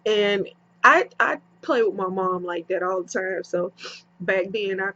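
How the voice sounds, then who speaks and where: Slow-talking young woman telling a story. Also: medium pitch. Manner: animated, acts out both sides with slangy asides. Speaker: vlogger. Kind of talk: casual storytime. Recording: dull lo-fi home recording.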